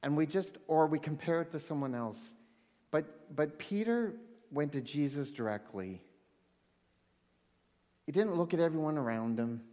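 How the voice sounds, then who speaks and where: A man preaching a sermon, animated, swinging between loud excitement and hushed intensity. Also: fairly high pitch, a little slow, pauses often. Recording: long hall reverb.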